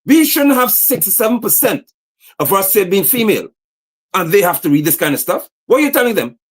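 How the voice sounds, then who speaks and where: A man's voice: sits high, sing-song, brisk, breathy edge. A man giving livestream political commentary, indignantly reading posts aloud and firing off rhetorical questions. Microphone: streaming setup mic.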